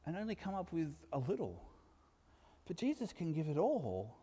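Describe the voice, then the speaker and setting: A man preaching a sermon in an earnest way, building to emphatic peaks and dropping to soft asides. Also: on the high side, huge pitch swings, moderate pace, breathy edge. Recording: long hall reverb.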